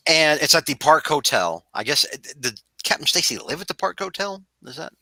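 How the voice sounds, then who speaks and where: A man's voice: on the high side, sing-song, fairly quick, sharp tone, no echo, low-quality recording. A man hosting a casual podcast chat, rambling with many restarts and laughing at his own jokes. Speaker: podcast host.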